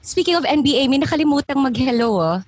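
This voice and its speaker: Filipino woman co-host, relaxed chat, slightly high voice. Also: quick pace, no echo. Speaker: podcast co-host. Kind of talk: casual chat.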